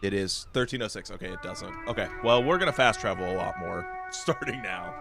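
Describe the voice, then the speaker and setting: A man's voice: fairly low pitch, animated, brisk, gravelly, over music. A man who is under the weather, casually commentating a game playthrough with joking, self-deprecating asides. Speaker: gaming streamer. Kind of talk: casual let's-play commentary.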